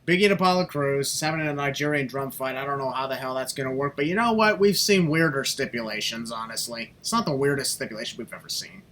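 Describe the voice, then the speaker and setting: A man's voice: mid-range voice, fast, few pauses, fairly bright tone, a little hiss or hum. A man hosting a podcast in casual, joking, rambling chat. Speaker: podcast host.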